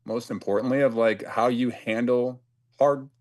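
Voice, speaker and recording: A man from Cleveland, a football coach, answering interview questions in a thoughtful and measured way. His voice sits at an ordinary middle pitch for a man, and he speaks earnestly. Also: steady tone, a little mellow. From Cleveland, USA.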